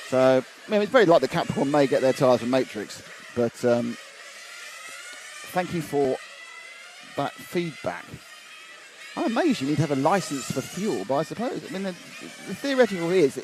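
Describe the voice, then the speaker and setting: Chatty commentator over trackside engine noise. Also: male voice, a little high. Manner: chatty, reads out viewer messages with asides. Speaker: race commentator. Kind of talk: live race commentary. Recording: noisy trackside with engine sounds. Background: race car engines and ambience.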